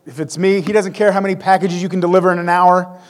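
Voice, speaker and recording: A man's voice: high-pitched, little pitch movement, fast talker. A man in his forties preaching a conversational sermon with self-deprecating humor. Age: 40s. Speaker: pastor.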